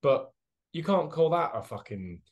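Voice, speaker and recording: A man's voice: a little high, sing-song, unhurried, darkish tone. A man, co-hosting a casual sports podcast, speaking bluntly and sarcastically with casual swearing. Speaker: podcast co-host.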